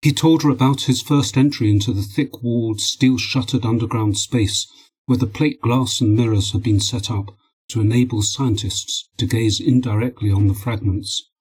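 Husky-voiced male audiobook narrator. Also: mid-range voice, rough recording. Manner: steady, measured.

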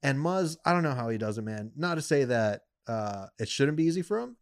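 A young man in casual chat, telling a story with lots of laughter and squeaky voices for the people he quotes. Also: very animated, a little fast, clear, resonant tone, no room sound, studio quality.

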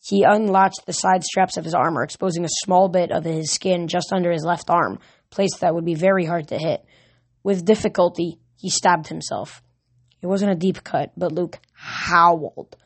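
A woman's voice: on the low side, steady tone, moderate pace, slightly rough. A woman reading a novel aloud earnestly, now and then stumbling and correcting a word. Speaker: reader.

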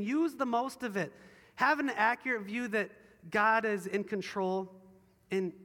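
A man with a high, bright, sharp voice gives a chatty sermon, checking in with his listeners again and again. His voice carries a long reverb from the church hall around him. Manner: chatty, asks the room for assent. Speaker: pastor. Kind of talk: conversational sermon.

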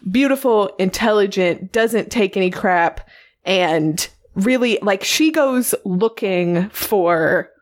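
A woman co-hosting a casual film discussion, chatty and enthusiastic with a playful edge. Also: medium pitch. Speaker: podcast co-host.

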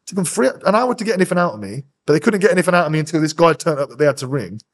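Fast-talking, swearing English man. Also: on the high side. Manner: swears constantly, rapid animated storytelling, acts out voices. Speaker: podcast guest. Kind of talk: casual storytelling interview.

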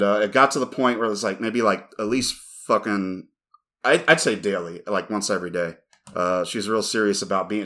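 A man's voice: on the low side, fairly bright tone. A man co-hosting a podcast, telling a rambling, profane story in casual chat. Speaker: podcast co-host.

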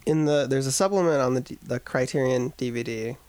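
A man co-hosts a podcast in a mid-range voice that is a little fast and a little mellow, with a clean tone and no echo. He chats casually about films, rambling and joking, often trailing off into asides.

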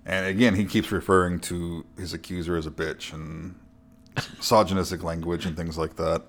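A man's voice: sits low, fairly even intonation, moderate pace. A man co-hosting a podcast, casually recapping a horror film and chuckling often. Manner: laid-back storyteller, chuckles often. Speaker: podcast co-host.

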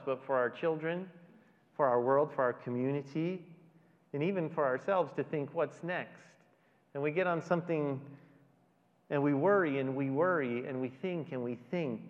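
A middle-aged male pastor preaching a conversational sermon in a church, with dramatic pauses. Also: fairly high pitch. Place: large church hall. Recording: dull audio with long hall reverb.

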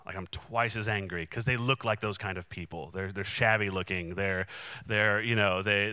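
Earnest man telling a bright testimony. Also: deep voice, no room sound. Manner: earnest, candid, emotionally open. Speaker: Christian minister and conference speaker. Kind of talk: personal testimony storytelling.

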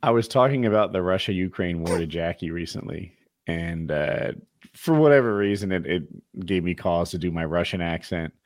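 A man's voice: low-pitched, lively intonation, normal speed, no echo, clean studio sound. A man telling a casual anecdote as a podcast co-host. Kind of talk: casual storytelling.

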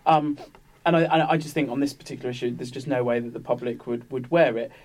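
A man talks quickly in a relaxed panel discussion, piling up asides and restarting his sentences. His pitch sits at an ordinary middle height. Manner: rambling, many fillers and restarts. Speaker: political commentator.

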